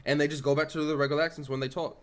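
A man with a Midwestern US accent co-hosting a casual podcast and telling stories at a quick clip. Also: a little high, little pitch movement, crowd noise. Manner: rapid storyteller. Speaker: podcast co-host. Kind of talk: casual chat.

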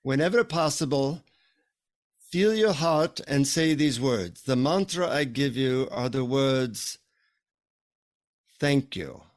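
A man's voice: medium pitch, expressive, slow pace, long pauses. A man voicing a stern older male Indian guru with an Indian accent, solemn and scolding.

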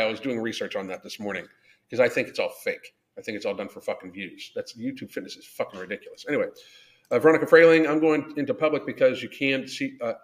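A man of middle pitch hosts a live podcast and talks bluntly, swearing often. He rants and reads out viewer chat in a loose, casual way. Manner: profane, blunt, ranting. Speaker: podcast host. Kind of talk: live-stream rant reading chat.

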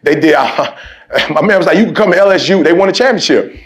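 Man, high-pitched, AAVE, motivational speech, storytelling, call-and-response. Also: expressive, fast. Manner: preachy, repetitive call-and-response, folksy storytelling. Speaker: motivational speaker addressing a team.

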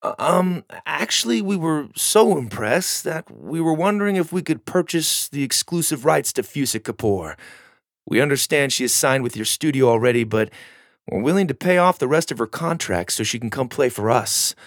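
A man voicing a hesitant, polite young male cadet, with a creaky, husky voice. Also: fairly high pitch, animated, normal speed, dry recording, clean studio sound, voice pushed up.

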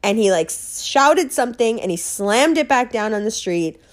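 A woman telling a story in a casual monologue, blunt and animated, swearing freely and laughing often. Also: on the high side, normal speed.

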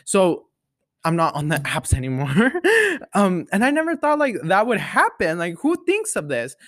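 A man's voice: a little high, no echo, clean studio sound. A young man hosting a casual solo podcast, telling stories dramatically and rambling with lots of fillers. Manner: rambling, dramatic storytelling with many fillers and repeated "like". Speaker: podcast host.

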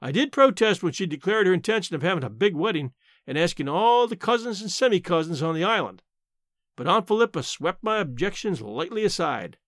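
A man reading a short story aloud in an expressive storytelling manner. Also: sits high, a little fast, no room sound, clean studio sound. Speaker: narrator.

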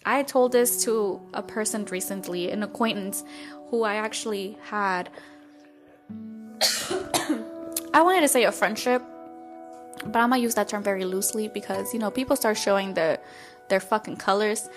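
A woman hosts a podcast in a casual, unscripted monologue. She talks bluntly and candidly, drops swear words without pause, and tells her story with animation. Her voice sits in an ordinary middle pitch, with faint music in the background. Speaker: podcast host.

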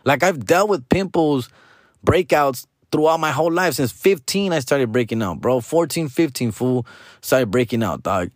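A man's voice: mid-range voice, expressive, moderate pace, no room sound, clean studio sound. A man in his forties with a Mexican-American accent, hosting a podcast and telling a profane, slangy story, switching between English and Spanish. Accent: Mexican-American English, code-switching to Spanish. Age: 40s. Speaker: podcast host. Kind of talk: casual storytelling monologue.

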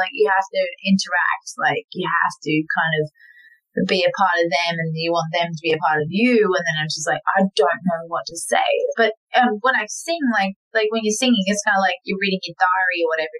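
A woman's voice: medium pitch, a bit bright, low-quality recording. A young Australian woman, a band's singer and guitarist, chatting in an interview in a rambling, self-mocking way, laughing often and acting out what people said. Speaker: band vocalist and guitarist. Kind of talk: casual interview chat.

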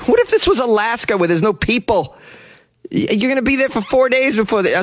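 A man's fairly high voice delivering comedic news commentary with sarcastic, wisecracking asides. The sound is dry and close, with no room around it. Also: no room sound.

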